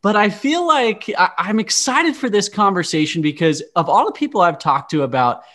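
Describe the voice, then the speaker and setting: A man's voice: sits high, very animated, moderate pace, fairly bright tone. A young man from Utah hosting a podcast, friendly and upbeat, with a casual chatty delivery. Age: young adult. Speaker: podcast host. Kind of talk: casual podcast chat and episode intro.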